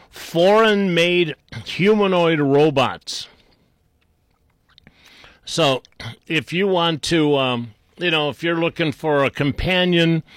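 Slow, rambling radio host, dry studio sound. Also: male voice, fairly high pitch, a bit bright, dry recording. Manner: rambling, irreverent, many fillers and restarts. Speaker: radio talk show host. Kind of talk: casual talk radio monologue.

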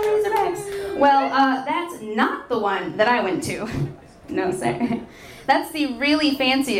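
A woman works the crowd with chatty, self-deprecating stand-up. Her voice sits a little high. The club room gives it a clear echo. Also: a little hiss or hum. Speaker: stand-up comedian. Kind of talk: stand-up set. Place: comedy club stage.

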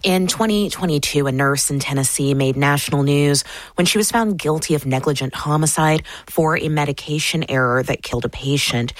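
A woman anchoring a radio news program in a crisp, even manner. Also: deep voice, no room sound, rough recording. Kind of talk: scripted news introduction.

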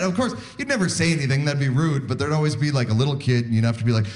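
A man in his forties from Canada, telling stand-up stories in a laid-back way with animated voiced asides. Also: a little high, fast talker, pauses often. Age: 40s. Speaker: stand-up comedian. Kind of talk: stand-up comedy set. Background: audience laughter.

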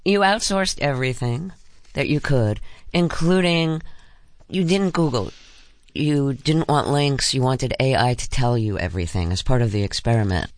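A man in his thirties interviews a guest, pressing with follow-up questions. His voice sits at a middle pitch and is recorded dry and close. He sounds like a host in a studio. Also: moderate pace, dry recording. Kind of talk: interview conversation.

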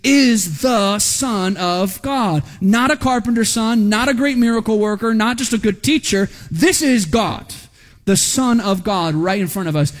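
A man preaching a sermon as pastor, emphatic, asking rhetorical questions and dropping into a stern voice for quotes. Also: high-pitched. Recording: hall reverb.

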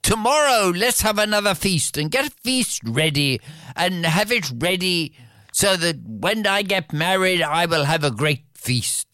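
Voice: medium pitch, expressive, a little slow, sharp tone, clear, resonant tone, no room sound, clean studio sound. A storyteller doing a fussy old king. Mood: eager. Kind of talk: storybook character voice.

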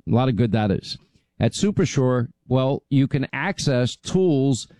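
A man with a dark, mellow tone talks through a sponsor message like it's part of his show. The delivery is loose and chatty, with little fillers and restarts. The sound is dry and close, with no room around it. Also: mid-range voice, lively intonation, a little slow, dry recording. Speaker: host reading a sponsor ad. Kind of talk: conversational live-read ad.

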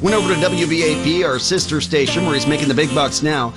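A man's voice: on the high side, fast, over loud music. Wry male morning radio host.

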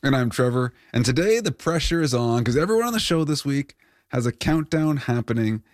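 A man's voice: mid-range voice, expressive, brisk, no echo, clean studio sound. A man co-hosting a radio show, teasing and bantering and reading segment teasers. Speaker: host.

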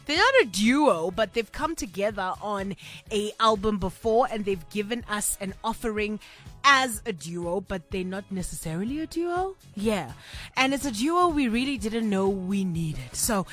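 A woman's voice: medium pitch, lively intonation, unhurried, a bit bright, soft background music. A woman hosting a late-night radio show in a studio, chatty and playful, laughing easily. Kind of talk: casual radio chat. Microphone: studio microphone.

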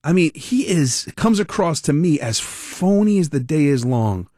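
A man hosting a political talk radio show, giving animated, rambling, sarcastic commentary. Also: on the high side, a little slow, dry recording, clean studio sound.

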